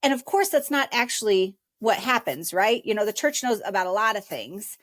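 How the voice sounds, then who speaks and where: A woman's voice: mid-range voice, animated, normal speed, no room sound, studio quality. A woman guest on a podcast telling a personal story in an earnest, emotional way and voicing her own past thoughts. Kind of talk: conversational interview storytelling.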